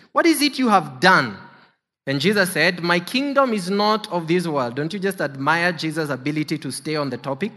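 A man's voice: high-pitched, pushed and bright. A male preacher reading scripture aloud and then preaching, giving the quoted speakers dramatic inflection. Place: church sanctuary. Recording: long reverb of a large hall.

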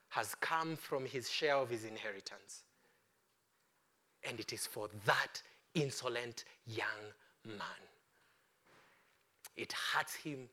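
A man preaching a sermon, passionately declaring, then dropping to hushed pleading with his congregation. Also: medium pitch. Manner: impassioned, swings from loud declaring to hushed pleading.

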